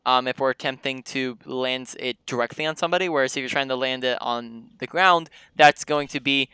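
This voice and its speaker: A man's voice: medium pitch, a little fast, pushed and bright, smooth, no room sound. A man coaching a player through a gameplay review, explaining at length with frequent ums and restarted sentences. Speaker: game coach.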